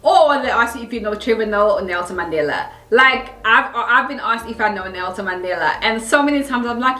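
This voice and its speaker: A young woman from South Africa, speaking with a South African accent, chats to her camera in an animated way and slips into other voices as she acts out the people she is quoting. Her voice is bright and sits a little high. The room around her leaves a noticeable echo on the recording. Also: brisk, hardly any pauses. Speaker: vlogger. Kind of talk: casual storytelling to camera. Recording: roomy echo.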